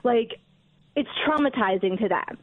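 A woman with a high voice calls in to a radio show, defensive and peppering her speech with "like" and "um". She sounds thin and dry, as over a phone line. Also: lively intonation, measured pace, no echo. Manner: defensive, full of "like" and "um". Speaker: caller, mother.

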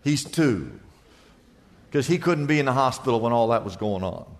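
A man's voice: medium pitch, very animated, normal speed, gravelly, in a large hall. An older man preaching a sermon as pastor, emphatic, piling up rhetorical questions.

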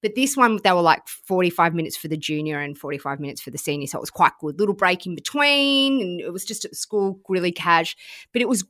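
An Australian woman in her thirties co-hosting a podcast, telling stories in a chatty, animated way with casual swearing. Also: fairly low pitch, fast talker, no room sound, studio quality. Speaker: podcast co-host. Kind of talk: casual chat.

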